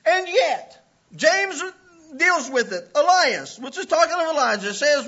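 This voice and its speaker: A man preaching a sermon with passion, often breaking into shouts and laughs. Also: very high-pitched, sing-song, measured pace. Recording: dull lo-fi recording.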